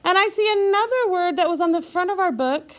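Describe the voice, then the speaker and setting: With a very high voice and lively intonation, a female teacher walks a small child through reading. She keeps it slow and clear, sounding out each letter and encouraging the child along.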